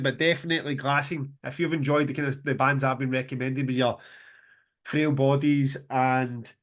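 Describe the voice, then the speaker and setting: A man's voice: mid-range voice, fairly bright tone. A man co-hosting a podcast, chatting enthusiastically and rambling with many restarts. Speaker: podcast co-host, festival promoter. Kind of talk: casual chat.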